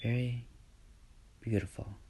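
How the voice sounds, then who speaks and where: A man doing a quiet, thoughtful young hero. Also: medium pitch, level tone, slow, slightly rough. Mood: musing.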